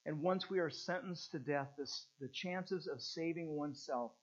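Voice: medium pitch, normal speed, muffled recording. An earnest preacher teaching a catechism lesson as a sermon, repeating rhetorical questions to press the point home.

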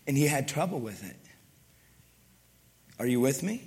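A pastor delivering a lively sermon, with a high-pitched voice. He talks in a conversational way, acting out the voices of the people in his story and asking the crowd for agreement. His voice rings with the long reverb of a large hall. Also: normal speed, long pauses. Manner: animated, conversational, acts out voices.

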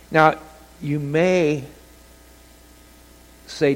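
A man preaching a sermon as pastor, telling stories with animated delivery and acting out quoted voices. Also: mid-range voice, a little slow. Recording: long hall reverb.

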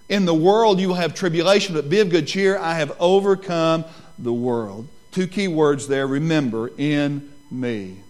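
Man preaching, kinda high voice, drops to a hush then builds up loud, slows way down on big lines. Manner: swings from soft, hushed lines to loud, rising pleas; slows down to stress key lines. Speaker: pastor. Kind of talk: sermon.

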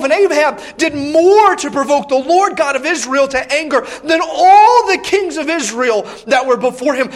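A man with a strikingly high voice delivers a sermon. He tells the Bible story in an animated, storytelling way and acts out the characters' lines. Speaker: preacher.

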